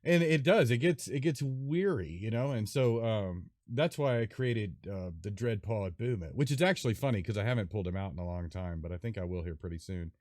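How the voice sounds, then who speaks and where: A man hosting a casual gaming podcast, rambling and animated with lots of fillers. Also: fairly low pitch, a little fast, hardly any pauses, dry recording, studio quality. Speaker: podcast host. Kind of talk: casual chat.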